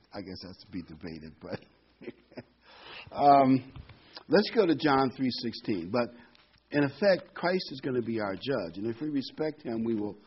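A man's voice: mid-range voice, breathy edge, muffled recording. A man giving informal Bible teaching as a preacher, folksy, with corny jokes and frequent ums.

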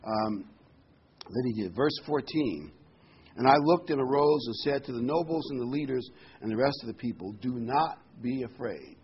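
A man delivers a folksy sermon. He tells corny jokes and pauses on frequent ums, at an everyday middle pitch. The recording sounds a little dull, with a faint hiss of room noise behind him. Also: expressive. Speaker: preacher.

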